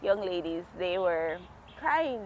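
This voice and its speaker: A woman's voice: on the low side, animated, slow, muffled recording. Woman vlogging her faith story outside, laughs a lot, chatty, bit of faint outdoor noise. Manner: chatty, laughs often, heartfelt. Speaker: devotional vlogger. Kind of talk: casual personal testimony. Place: outdoors in a quiet natural area.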